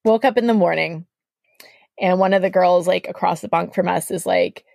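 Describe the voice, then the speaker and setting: A woman from Canada, a podcast guest, telling a story in a casual, animated way, acting out the voices she quotes and saying "like" a lot. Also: on the low side, normal speed, vocal fry, dry recording, clean studio sound. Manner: animated, acts out quoted voices, heavy use of "like".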